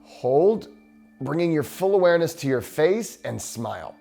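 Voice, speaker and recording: A man hosting a show, leading a guided breathing exercise in a slow, soothing, encouraging way. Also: fairly high pitch, very animated, vocal fry, mellow, faint music behind. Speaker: breathwork host.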